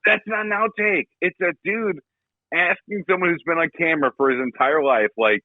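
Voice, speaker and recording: A young man co-hosting a casual podcast, ranting about a movie in a profane, animated way and slipping into mocking impressions. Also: on the high side, moderate pace, no room sound, phone-quality sound. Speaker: podcast co-host.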